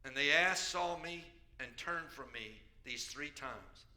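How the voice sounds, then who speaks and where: A man pastor preaching a sermon, storytelling with jokes and sudden loud bursts. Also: a little high, animated, slow. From United States.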